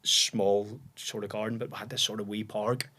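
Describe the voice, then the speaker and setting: Low-voiced Northern Irish man telling stories. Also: moderate pace. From Northern Ireland. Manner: relaxed storyteller, frequent restarts and fillers. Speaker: podcast guest. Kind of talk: casual podcast interview chat.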